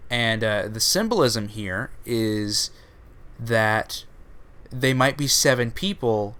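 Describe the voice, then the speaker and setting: A man's voice: on the low side, fairly bright tone. A young man reviewing a cartoon episode in a casual, rambling recap full of ums and restarts. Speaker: video reviewer.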